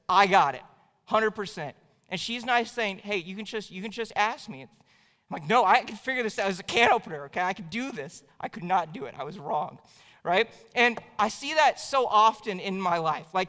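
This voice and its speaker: Bright young male preacher in a reverberant sanctuary. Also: high-pitched. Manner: casual, self-mocking storytelling. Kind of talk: sermon. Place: church sanctuary. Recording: long hall reverb.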